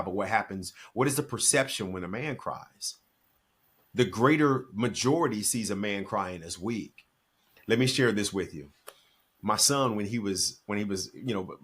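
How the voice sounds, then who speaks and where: A man's voice: on the low side, a bit bright, slightly rough. A man in his forties, a podcast guest, talking earnestly and telling a personal story, acting out the dialogue. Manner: earnest, emphatic, acts out quoted dialogue. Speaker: podcast guest, speaker and author. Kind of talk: reflective storytelling in conversation.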